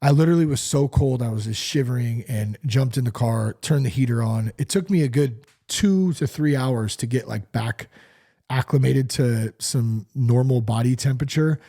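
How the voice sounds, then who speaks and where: A man's voice: medium pitch, normal speed, mellow. A man hosting a casual solo podcast, talking loosely with lots of fillers and some swearing. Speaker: podcast host.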